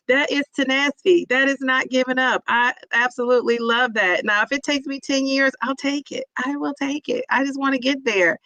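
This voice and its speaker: Chatty woman with a gravelly voice. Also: high voice, normal speed, hardly any pauses, bright, forceful tone, no echo, lo-fi sound. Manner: chatty, reads viewer comments aloud and cheers them on. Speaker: vlogger hosting a live chat. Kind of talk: casual live-stream chat.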